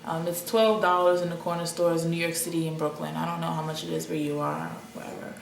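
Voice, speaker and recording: A young woman rambles through a casual vlog monologue, restarting her sentences as she goes. Her voice sits somewhat low, and the echoey room carries a faint hum of ambient noise. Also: little pitch movement, fast talker, vocal fry. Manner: rambling, chatty, with frequent restarts and laughs. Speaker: vlogger.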